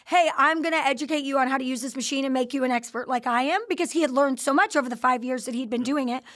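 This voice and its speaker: A woman's voice: high-pitched, rapid-fire, a bit bright. A woman podcast host telling her company's founding story in a casual interview, acting out the quoted dialogue with animation.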